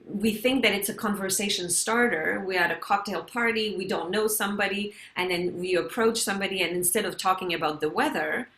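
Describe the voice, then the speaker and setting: Woman host, bright and sharp, animated, roomy echo. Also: medium pitch. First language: French. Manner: animated storytelling, quick asides. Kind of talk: conversational interview.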